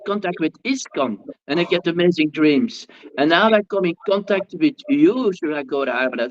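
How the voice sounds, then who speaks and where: Man with a high voice opening up to his teacher, stumbling over words, kinda muffled audio. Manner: halting, restarts often, searching for words. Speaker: participant asking the teacher. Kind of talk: casual personal sharing.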